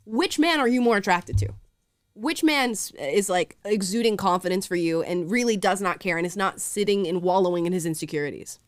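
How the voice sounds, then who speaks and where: A young adult woman hosting a reaction video, talking in an animated, sarcastic and playful way. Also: mid-range voice, brisk, dry recording, studio quality. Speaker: host reacting to a panel video. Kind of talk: casual reaction commentary.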